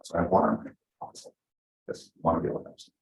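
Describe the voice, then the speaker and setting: Lively man teaching in an echoey room. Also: deep voice, vocal fry. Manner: energetic, fast, full of acted-out examples. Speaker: real estate trainer. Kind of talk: live team training class. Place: meeting room with a small audience.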